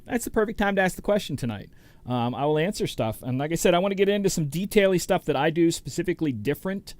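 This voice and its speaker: A man's voice: fairly high pitch, expressive, fast talker, darkish tone, dry recording. Chatty DJ host, a man with a dry, close sound. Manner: rambling, chatty, greets viewers by name. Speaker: DJ and show host. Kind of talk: casual livestream chat.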